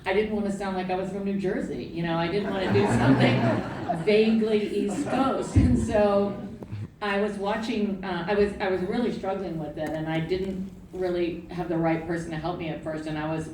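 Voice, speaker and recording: A woman from New Orleans telling stories on a theater panel, animated and laughing. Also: fairly low pitch, moderate pace, crowd noise. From New Orleans, US South. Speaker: actor on a panel. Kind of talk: casual panel talk. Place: theater stage. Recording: echoey theater, distant mic, noisy.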